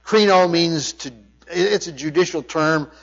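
Emphatic preacher in a reverberant hall. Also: male voice, fairly high pitch, moderate pace, fairly bright tone. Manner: emphatic preaching with frequent restarts and word study. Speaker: pastor. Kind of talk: sermon. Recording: dull sound with long hall reverb.

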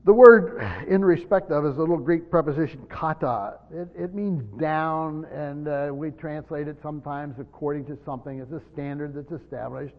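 A man with a fairly high voice leads a Bible study, talking at a moderate pace with hardly any pauses. His conversational, explanatory style has him often restarting phrases. The lo-fi recording sounds dull and was made in a reverberant hall.

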